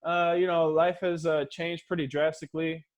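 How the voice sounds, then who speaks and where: Here a thirty-something comedian from Los Angeles runs a stand-up set via video call, using a level tone at normal speed with a voice on the high side. His stories are casual and profane, and he voices the people who appear in them.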